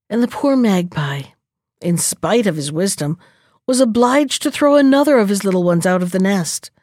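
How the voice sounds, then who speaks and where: A woman's voice: medium pitch, a little mellow, no echo, studio quality. Woman reading a folktale aloud. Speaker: storyteller.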